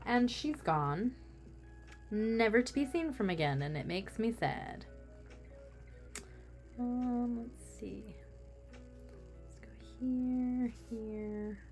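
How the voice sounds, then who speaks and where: A woman's voice: fairly high pitch, lively intonation, very slow, pauses often, darkish tone, faint music behind. A woman craft vlogger chatting casually while she works, rambling with self-mocking humor.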